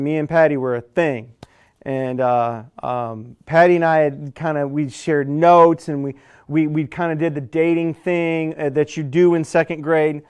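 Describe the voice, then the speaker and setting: Dynamic preaching man, slightly high. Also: clean tone. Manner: conversational preacher, dynamic swings from hushed to loud. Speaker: pastor. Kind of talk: sermon.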